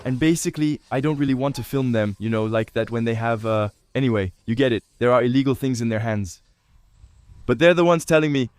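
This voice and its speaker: A man's voice: medium pitch, fairly quick, clear, resonant tone. A man vlogging a walk through hilly city streets, chatty and rambling, often repeating his words. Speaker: travel vlogger. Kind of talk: casual vlog chat while walking.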